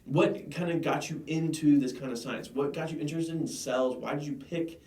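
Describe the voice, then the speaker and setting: A man's voice: a little high, fairly even intonation, normal speed, a little mellow. A young man co-hosting a podcast who tells chatty, rambling stories and goes off on tangents. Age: young adult. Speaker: podcast co-host. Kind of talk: casual interview chat. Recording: echoey room, distant mic.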